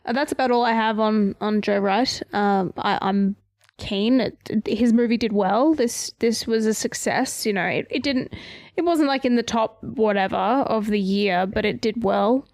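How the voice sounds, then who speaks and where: Chatty higher-voiced woman, dry sound. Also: a little slow, darkish tone, no room sound. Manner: chatty, lots of fillers. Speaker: podcast co-host. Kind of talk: casual chat.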